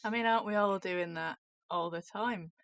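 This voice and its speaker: A woman's voice: mid-range voice, moderate pace, vocal fry, a bit bright, no room sound. A woman co-hosting a comedy podcast, chipping in with dry, teasing remarks. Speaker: podcast co-host. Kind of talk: casual chat.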